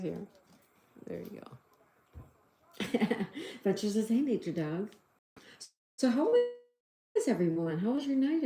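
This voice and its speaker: A woman's voice: medium pitch, warm tone, reverberant, a little hiss or hum. A middle-aged woman hosting a casual livestream, chatting, giggling and reading out viewers' comments. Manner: chatty, giggly, reads out chat messages. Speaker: livestream host.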